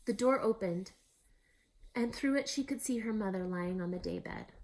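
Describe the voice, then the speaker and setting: A woman reading a children's novel aloud, expressive, with soft hushed asides. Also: mid-range voice, normal speed. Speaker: storyteller. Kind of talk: storybook reading.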